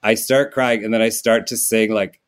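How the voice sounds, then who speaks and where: A man with a lowish voice chats casually as a podcast guest. He is wry and self-mocking and keeps dropping into quick, silly character voices as he talks. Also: steady tone. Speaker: comedian guest.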